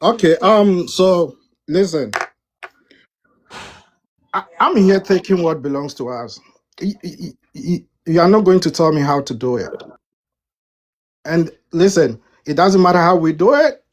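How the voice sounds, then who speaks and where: A woman's voice: lowish voice, animated, measured pace, long pauses. A woman from Africa with an African accent, arguing defiantly in a live debate and often restarting her words. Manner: defiant, stammering restarts, repeats "listen" and "right". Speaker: debate panelist.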